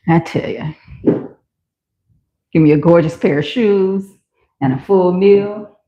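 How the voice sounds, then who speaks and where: Taking it slowly with long pauses, a woman with a fairly low-pitched voice chats enthusiastically to viewers in a casual shop-with-me vlog, trying on and selling shoes. The home recording sounds roomy and slightly dull.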